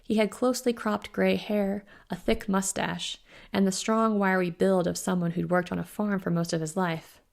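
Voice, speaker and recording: A woman author narrating her own fantasy novel in a steady, even reading. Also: mid-range voice, normal speed, vocal fry. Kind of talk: audiobook narration.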